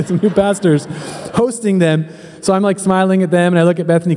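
Joking pastor preaching in a reverberant hall. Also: male voice, high-pitched, normal speed, dark tone. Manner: chatty, joking, addresses congregation directly. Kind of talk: sermon with humorous story. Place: church hall.

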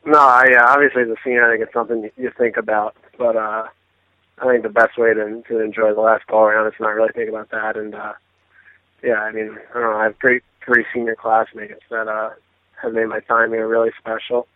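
A man's voice: on the low side, level tone, a little fast, dry recording. A college senior hockey player in his twenties, answering in a laid-back, hesitant way. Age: 20s. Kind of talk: casual interview chat. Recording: dull lo-fi audio.

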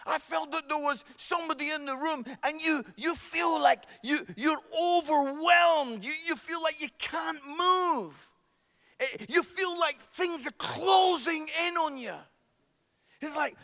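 A middle-aged man with a Scottish accent preaches to his congregation in a very high voice. He is lively and playful, teasing the room and checking in with a quick "yeah?" between points. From Scotland. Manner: lively, jokey with the congregation, tag questions like "yeah?". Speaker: pastor. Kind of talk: sermon.

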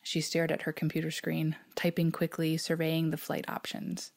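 A woman from Newfoundland reads her own reflection in a very low voice with a gravelly fry. She keeps a soft, measured pace and at times drops nearly to a whisper. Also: completely flat delivery. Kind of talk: reading a personal reflection aloud.

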